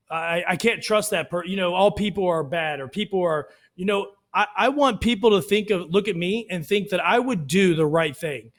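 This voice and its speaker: A man talks in a casual podcast chat, his voice sitting a little high. He tells stories loosely and with plenty of filler, jumping into acted-out quotes in raised voices. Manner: animated storyteller, acts out quotes in raised voices. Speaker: podcast co-host.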